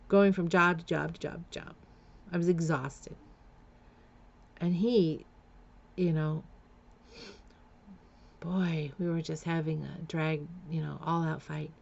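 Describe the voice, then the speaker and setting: Gravelly low-voiced woman telling her story. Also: steady tone, takes it slowly, pauses often, lo-fi sound. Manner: frank, confessional, blunt. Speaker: memoir storyteller. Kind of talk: candid personal storytelling.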